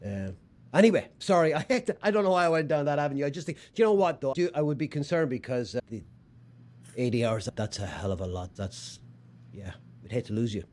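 A man's voice: medium pitch, animated, a little fast, a little mellow. A man hosting a casual conversation, telling stories and reflecting thoughtfully. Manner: reflective storyteller, acts out quotes. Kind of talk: casual chat.

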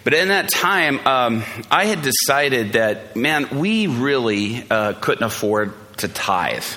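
A man's voice: mid-range voice, big pitch swings, slow, bright, forceful tone. A man in his forties preaching a sermon, telling stories with jokes, fillers and restarts. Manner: storytelling, joking, self-deprecating, many fillers and restarts. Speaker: pastor.

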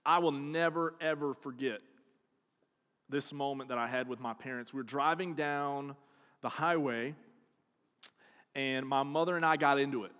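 A man preaching a sermon, telling a personal story and acting out quoted voices, swinging from hushed to loud. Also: mid-range voice, fairly even intonation, moderate pace, long pauses. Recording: long hall reverb.

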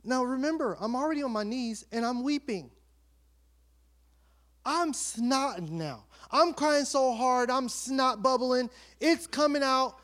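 Male pastor, middle-aged, animated sermon storytelling, hushed asides then loud outbursts. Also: extremely high pitch, unhurried.

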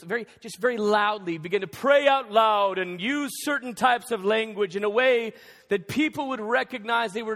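A man preaching a sermon as pastor, animated and jokey, acting out the lines of the people in his stories. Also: high-pitched. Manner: animated, jokey, acts out quotes. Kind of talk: sermon with storytelling. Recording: reverberant hall.

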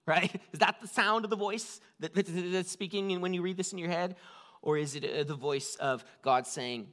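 A man's voice: fairly high pitch, normal speed, fairly bright tone. A man preaching a conversational sermon, full of "like" fillers and shifting emphasis. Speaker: pastor.

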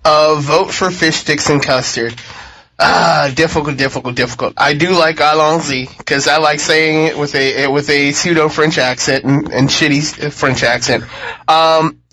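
A man hosting a casual podcast panel, leading the votes and thinking out loud. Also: fairly high pitch, fairly even intonation, moderate pace, a little hiss or hum. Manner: leads the votes, muses aloud. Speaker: podcast host.

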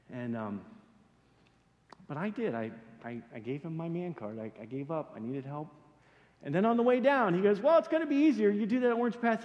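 A middle-aged man preaching and telling a story, animated and self-deprecating as he acts out his own panic. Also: on the high side. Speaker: pastor. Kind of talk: sermon storytelling. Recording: hall with long reverb.

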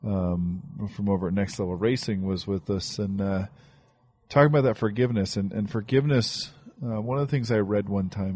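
Husky low-voiced man hosting a podcast. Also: no echo. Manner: reflective, gently preachy. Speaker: podcast host. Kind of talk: casual chat.

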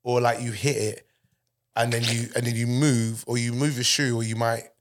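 Guy hosting a podcast, animated and joking, mid-range voice. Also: mid-range voice, slight background noise. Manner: animated, jokey, quick bursts. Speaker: podcast host. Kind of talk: casual banter.

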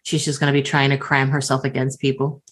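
A woman's voice: a bass voice, monotone, fast, slightly rough. A woman at a tabletop game describing her character's actions. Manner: narrating her character's actions in third person.

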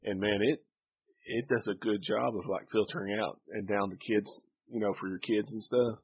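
A man's voice: on the low side, steady tone, normal speed, breathy edge, highs cut off. A man chatting casually as a podcast co-host, laid-back and rambling. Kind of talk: casual chat.

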